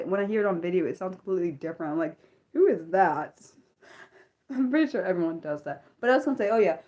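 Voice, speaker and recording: A woman's voice: medium pitch, a little mellow. A woman from Maryland with a Maryland American accent, hosting a casual unscripted livestream and rambling along with many fillers and restarts. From Maryland, USA. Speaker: livestream host.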